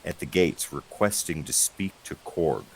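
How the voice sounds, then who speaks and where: A man's voice: rumbling low, expressive, a little slow, gravelly, exaggerated voice, low-quality recording. A man voicing a dutiful male city guard who speaks formally and politely.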